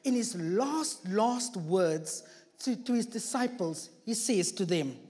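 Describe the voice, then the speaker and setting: Speaking slowly in an animated, high-pitched voice with a darkish tone, a man preaches as a visiting guest in a church hall, where the sound echoes. His accent isn't local and catches his listeners' ears, and he blends scripture with self-deprecating jokes.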